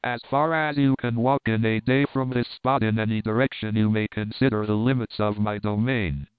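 A man's voice: lowish voice, fairly even intonation, clean tone, no room sound, close to an everyday voice. A man voicing a fierce, commanding noblewoman. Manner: cold, commanding, slow and firm. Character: fierce, proud noblewoman defending her land. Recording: dry, tinny phone-like sound.

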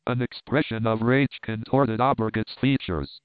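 A man narrating a novel in a measured, even storytelling voice. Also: medium pitch, smooth, dry recording. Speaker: audiobook narrator. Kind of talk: reading a novel aloud. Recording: dry, tinny phone-like sound.

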